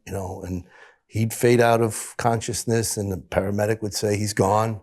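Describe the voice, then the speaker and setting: A man's voice: fairly low pitch, fairly even intonation, darkish tone. A middle-aged man, a rescue police officer, earnestly recounting a rescue on a panel and often restarting his sentences. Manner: earnest, halting, with many restarts.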